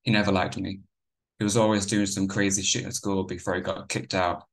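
Deep-voiced man reading fiction. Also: little pitch movement. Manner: measured, low narration. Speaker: author reading his novel. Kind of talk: first-person literary reading.

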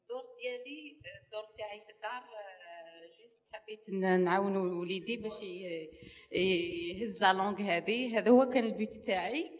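A middle-aged woman speaks with an Algerian Arabic accent at a breakneck clip. She talks in a halting way, full of filler sounds, and slips French words into her sentences. Her pitch sits in an ordinary middle range. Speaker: guest's mother, audience member. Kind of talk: casual live talk-show chat.

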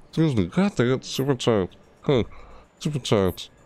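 A man's voice: mid-range voice, darkish tone. A tired man streaming a video game, mumbling and rambling to himself in casual commentary. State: tired, yawning.

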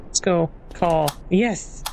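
A woman's voice: lowish voice, takes it slowly, mellow, a little hiss or hum. A young woman casually commenting on a horror game as she plays, jumpy and self-mocking. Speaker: gaming channel host.

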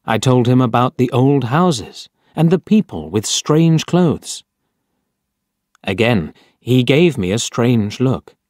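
A man reading a simple story aloud as narrator, clear and deliberate. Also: medium pitch, big pitch swings, a little mellow, dry recording, clean studio sound. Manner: clear, deliberate graded-reader delivery.

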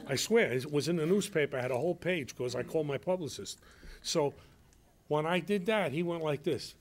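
Man, radio guest, animated storyteller, voices the people in his tale, slightly higher pitch. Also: fairly quick. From Brooklyn, New York. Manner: animated, acts out quoted voices. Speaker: guest actor and nightclub comic.

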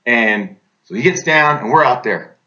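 A man's voice: a little high, animated, brisk, sharp tone. A man telling a personal war story as a veteran, rambling, repeating words, with many fillers. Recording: dull lo-fi recording.

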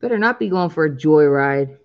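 A woman's voice: sits low, animated, brisk, muffled recording. A woman in her thirties chatting casually on a live stream while scratching lottery tickets, drawing out the numbers she calls and laughing often.

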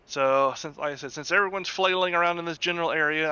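A man's voice: on the high side, a little slow, long pauses, pushed and bright, clear, resonant tone, lo-fi sound. A man playing a tabletop game who chats casually and thinks aloud while checking the rules. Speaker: player.

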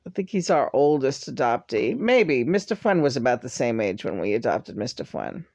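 A woman's voice: extremely low pitch, very animated, normal speed, darkish tone. A woman vlogger in casual chat, talkative, often laughing and swearing freely.

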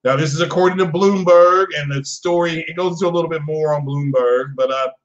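A man's voice: a little high, fairly even intonation, brisk, muffled recording. Chatty man hosting a live gaming stream. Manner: rambling, chatty, talks to chat viewers by name. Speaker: gaming podcast host. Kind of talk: casual live-stream chat.

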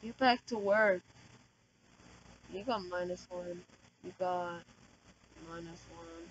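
A woman giving casual, slangy gameplay commentary as a channel host, talking loudly and excitably. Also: lowish voice, slow pace, highs cut off, a little hiss or hum. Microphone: desk microphone.

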